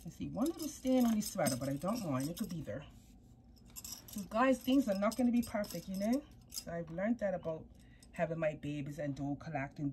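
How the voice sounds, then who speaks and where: A woman's voice: deep voice, warm tone, a little hiss or hum. A woman vlogging about her doll collection in casual chat to the camera, gushing and cooing baby talk at her doll.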